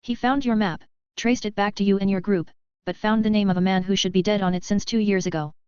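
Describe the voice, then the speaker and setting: A woman narrating a first-person fan-fiction audiobook in a steady storytelling read. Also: medium pitch, a little fast, clean tone, dry recording, lo-fi sound.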